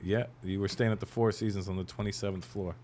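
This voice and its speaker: A man's voice: sits low, steady tone, fast, a crowd in the background. A man in his forties, a guest comedian, telling a story with lots of acted-out voices. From Canada. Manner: acts out voices, laughing through the telling. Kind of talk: animated storytelling.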